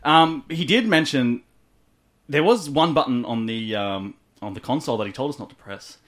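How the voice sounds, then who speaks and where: A man's voice: medium pitch, moderate pace, fairly bright tone. A man with an Australian accent hosting a radio show, playful and hammy, laughing often. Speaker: radio host. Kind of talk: comedic radio banter.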